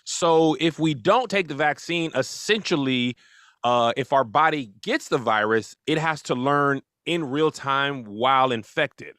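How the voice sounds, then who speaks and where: A man's voice: medium pitch, unhurried, fairly bright tone, no room sound, clean studio sound. Playful man hosting a talk show. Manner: playful, loose, joking. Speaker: host.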